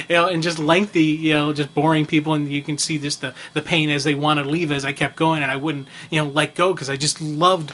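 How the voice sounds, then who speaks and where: A man chatting on a fan podcast, his voice sitting a little high for a man. He rambles eagerly, filling pauses with ums and you-knows. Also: level tone, a bit bright. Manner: enthusiastic, rambling with fillers. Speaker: podcast co-host. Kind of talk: casual chat.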